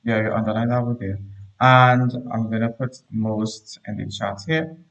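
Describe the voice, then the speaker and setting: A man teaches a live online grammar lesson to primary pupils. He reads each sentence aloud, repeats it slowly and explains the corrections while talking to the chat. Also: lowish voice, steady tone, creaky, fairly bright tone, muffled recording.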